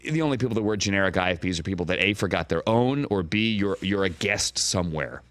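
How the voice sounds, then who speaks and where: A man's voice: sits low, lively intonation, fast, fairly bright tone, dry recording. A middle-aged male broadcaster chatting as a guest on a studio talk show, rambling through stories and mimicking on-air voices, often checking in with "right?". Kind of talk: animated casual studio chat. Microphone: studio mic with earpiece.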